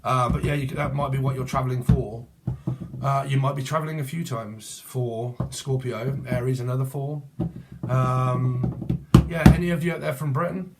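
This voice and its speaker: A man's voice: mid-range voice, fairly even intonation, moderate pace, very noisy. A middle-aged man giving a tarot reading to camera, riffing from one word association to the next, swearing freely and laughing at his own jokes. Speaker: tarot reader.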